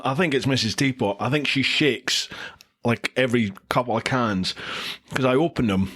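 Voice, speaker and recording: A man's voice: mid-range voice, a bit bright. A middle-aged man hosts a casual livestream chat, reading out viewer comments and greeting each viewer by name. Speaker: podcast host. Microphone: studio mic into a recorder.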